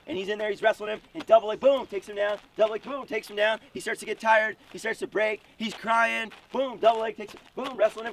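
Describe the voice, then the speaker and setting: A man's voice: sits high, gravelly. A man coaching at a wrestling camp, telling a motivational story with energy and lots of punchy repetition. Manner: energetic, repeats words for punch. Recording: distant mic with faint background noise.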